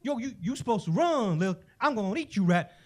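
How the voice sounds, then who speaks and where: A man's voice: sits high, animated, quick pace. A man doing a hungry swaggering street cat. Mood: confused. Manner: shouting, threatening street slang.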